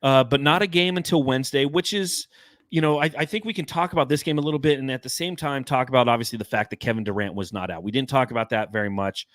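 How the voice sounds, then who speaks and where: A man's voice: medium pitch, quick pace, no echo. A man hosting a casual sports podcast, talking in a rambling, profane way. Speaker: podcast host.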